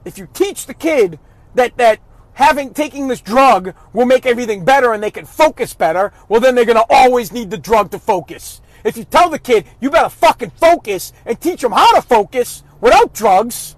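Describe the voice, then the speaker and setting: A man's voice: very high voice, animated, moderate pace, dry recording. A father ranting bluntly about raising kids, swearing heavily and raising his voice as he talks. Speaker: father giving opinions. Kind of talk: profane ranting monologue.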